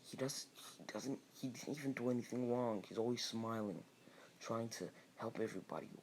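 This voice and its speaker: A man's voice: medium pitch, normal speed, a little mellow, a little hiss or hum, natural voice, rough recording. A man playing a pleading, worried father.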